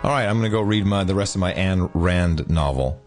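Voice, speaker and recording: A man's voice: sits low, brisk, faint music behind. A man co-hosting a podcast in loose, joking chat, tired from jet lag. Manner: loose, joking, animated banter with laughs. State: jet lagged. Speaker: podcast co-host. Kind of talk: casual chat. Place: United Kingdom.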